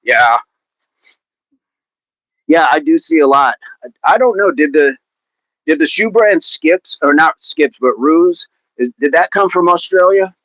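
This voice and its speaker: A man's voice: fairly high pitch, lively intonation, measured pace, long pauses, fairly bright tone, no echo, rough recording. A man hosting a casual livestream, chatting with viewers in a hesitant way with many fillers and restarts. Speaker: livestream host. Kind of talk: casual livestream chat, reading viewer comments.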